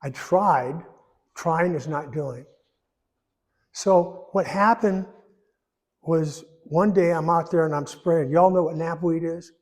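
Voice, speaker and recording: A man's voice: on the high side, a little mellow. Older man telling a folksy testimony. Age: 80s. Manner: rambling, folksy storytelling with emotional pauses. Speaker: church member giving testimony. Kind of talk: personal testimony. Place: church sanctuary. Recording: echoey church hall.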